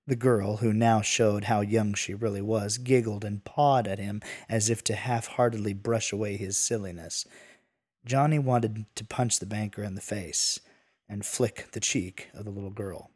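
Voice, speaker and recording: A man's voice: lowish voice, steady tone, moderate pace, darkish tone, husky. A man narrating a western tale in a folksy, casual manner with asides. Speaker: storyteller.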